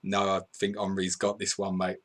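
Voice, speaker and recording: A man hosting a live fantasy football stream, excitedly reading out scores and viewer messages, swearing and laughing as he goes. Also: low voice, normal speed. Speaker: podcast host.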